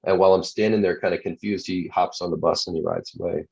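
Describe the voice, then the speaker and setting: Deep-voiced man telling a story. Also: steady tone, fast, creaky, a little mellow, breathy edge. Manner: earnest storytelling with repeated restarts. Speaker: guest. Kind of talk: storytelling in a talk show interview. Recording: dull lo-fi sound.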